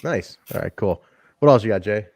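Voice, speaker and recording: A man's voice: on the low side, brisk, gravelly, dry recording. A man hosting a casual wrestling podcast, laid-back and joking as he passes the mic to his co-hosts. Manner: laid-back, laughing, lively banter. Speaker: podcast host.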